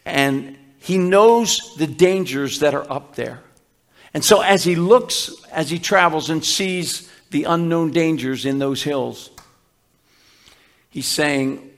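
Preaching a sermon in a fairly high-pitched voice, a male pastor teaches with patience. He frequently restarts and delivers scripture quotes slowly and emphatically.

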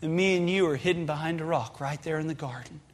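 A man preaching a sermon, passionate and rising to shouted pleas. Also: fairly high pitch, fast. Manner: impassioned, builds to shouted pleas. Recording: long hall reverb.

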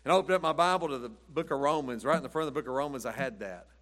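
Man, preacher, folksy sermon, rambling, chuckles, mid-pitched voice. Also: very fast, fairly bright tone. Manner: rambling, chuckling, says "but anyway" often.

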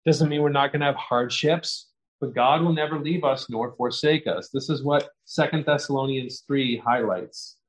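A middle-aged man preaching a sermon, earnest and expository, growing more animated as he explains scripture. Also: mid-range voice, moderate pace, poor audio. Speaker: pastor.

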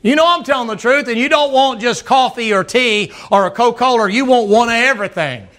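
A man preaching a sermon in a folksy manner, acting out voices and rising to emphatic shouts. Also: very high voice, fairly quick.

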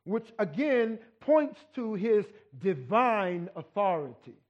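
High-voiced man preaching slowly, muffled recording. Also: big pitch swings. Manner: conversational teaching, often asks "right?". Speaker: pastor. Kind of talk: sermon.

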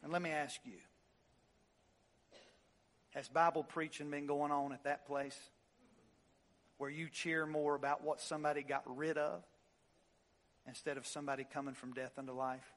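A pastor preaching in a church, his voice riding high for a man. He hammers repeated phrases, climbs to shouting peaks and then drops to low, hushed asides. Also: little pitch movement, moderate pace, long pauses. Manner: impassioned preaching, swings from loud highs to low quiet asides; repeats phrases for emphasis, "listen" and "y'all". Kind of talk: sermon. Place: church sanctuary.

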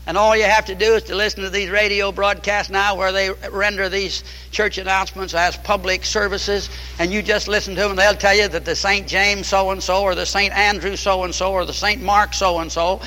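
High, bright-voiced preacher in a hall. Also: male voice, level tone, normal speed, hardly any pauses, slight background noise. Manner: emphatic, repeats key phrases. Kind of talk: fiery sermon.

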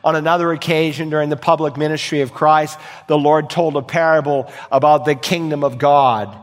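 A man delivers a sermon from the pulpit, his voice sitting a little high for a man. He swings between forceful, ringing emphasis and hushed asides. The sound trails off in the long reverb of a big hall. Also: steady tone, brisk. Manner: preaching with dramatic swings in volume and emphasis. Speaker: pastor.

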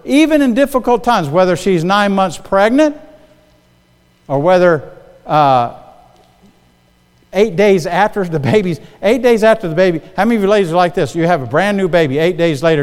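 Higher-voiced man preaching in a reverberant church. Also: lively intonation, fairly quick. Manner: storytelling preacher, asks the congregation for amens. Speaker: pastor. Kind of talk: sermon. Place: church sanctuary. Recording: long hall reverb.

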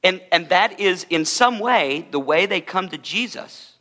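A man's voice: sits high, expressive, a little slow, pushed and bright, in a large hall. A man preaching a sermon as a pastor, in a conversational style with humorous asides.

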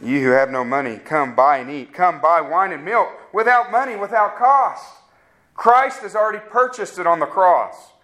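Male preacher with a fairly high voice, delivering an earnest, pleading sermon. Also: moderate pace, bright, forceful tone. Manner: pleading, earnest appeals with rising questions.

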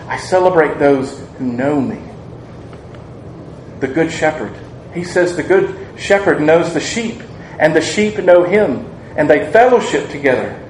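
A man preaching a sermon, earnest and measured, asking the congregation rhetorical questions and acting out quoted lines. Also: fairly high pitch, darkish tone. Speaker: pastor. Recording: echoey room, faint ambient noise.

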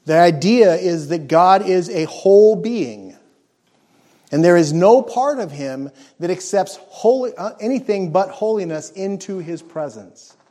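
A man preaching a sermon, earnest and emphatic, letting his voice sink low and soft on key words. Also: expressive, unhurried. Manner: earnest, emphatic preaching with dramatic drops in volume; acts out scripture quotes in character voices.

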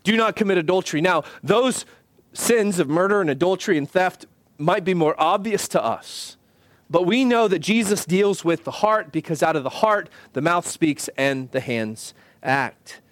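Man preaching, earnest and measured, fairly high voice, dry close sound. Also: lively intonation, dry recording. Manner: earnest, measured preaching with emphatic slowed phrases. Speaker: pastor. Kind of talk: sermon. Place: church.

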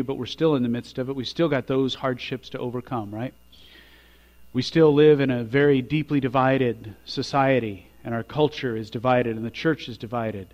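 A man preaches from the pulpit in a mid-pitched voice, swelling to forceful, loud climaxes before settling back down soft at the close of each thought. A low mains hum runs under the whole recording. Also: highs cut off. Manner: builds to loud emphatic peaks, drops quiet on endings. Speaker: pastor. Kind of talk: sermon.

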